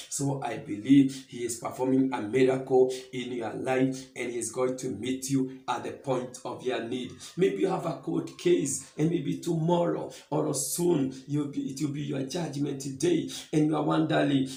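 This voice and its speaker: A man's voice: medium pitch, fairly even intonation, measured pace, creaky, few pauses, mellow. A man preaching a sermon, earnest and reassuring, repeating his message again and again. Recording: roomy, distant mic.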